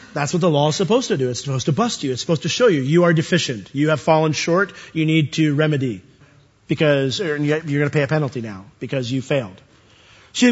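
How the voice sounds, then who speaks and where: A man preaching a sermon, animated and rising to high emphatic peaks as he quotes scripture. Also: slightly rough, muffled recording.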